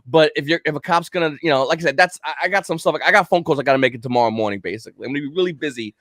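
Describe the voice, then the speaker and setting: A man from Kentucky, a guest on a livestream, tells a story in casual chat, acting out the quotes with animation. His voice is fairly high and he races along, recorded in clean studio sound with no echo.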